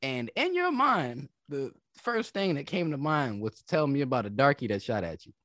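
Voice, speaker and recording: A man's voice: medium pitch, very animated, normal speed, a bit bright, no echo, studio quality. A man on a casual podcast telling stories from his day, profane and acting out the people in them. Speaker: podcast co-host. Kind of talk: casual storytelling chat.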